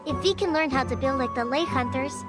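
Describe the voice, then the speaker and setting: A woman voicing an eager, curious young village child who asks wide-eyed, excited questions. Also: high-pitched, a little fast, natural voice. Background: game music.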